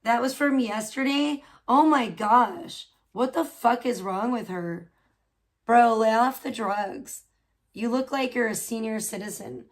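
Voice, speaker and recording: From home, a woman chats casually with her livestream viewers in a voice pitched a touch high. She gossips loosely, swears often, and sometimes stops to scold her cat.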